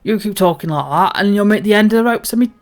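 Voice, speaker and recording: A gruff old pirate captain from a fantasy game roars out orders, voiced by a woman. His speech slurs and rolls like a drunk sailor's, and he stays loud and blustering. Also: medium pitch, animated, fast, natural voice.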